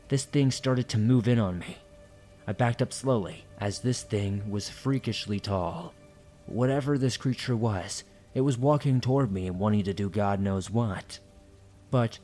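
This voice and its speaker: Low-ish guy reading creepy stories, suspenseful, soft music underneath. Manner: suspenseful storytelling. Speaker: horror story narrator. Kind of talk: dramatic reading of listener horror stories.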